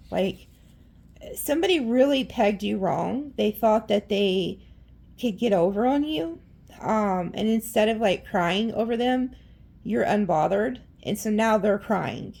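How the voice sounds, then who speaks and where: Husky, gravelly woman giving a tarot reading. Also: mid-range voice, unhurried, darkish tone. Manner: chatty and blunt, swears freely; rambling, with frequent restarts. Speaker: tarot reader.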